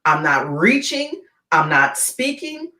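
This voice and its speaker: Woman guest speaker telling a wild story, super expressive pitch, says "right?" a lot, echoey room. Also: takes it slowly. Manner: animated, keeps checking in with "right?". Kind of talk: dramatic storytelling in an interview. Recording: roomy echo.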